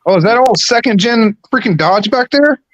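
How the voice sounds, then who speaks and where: A man chatting casually on a live stream, excitable and quick to exclaim. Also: sits high, a little hiss or hum, poor audio.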